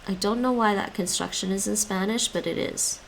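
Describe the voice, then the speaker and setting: A woman's voice: medium pitch, brisk, creaky, slight background noise, rough recording. A woman streaming her language study, thinking aloud, correcting herself and explaining grammar as she goes.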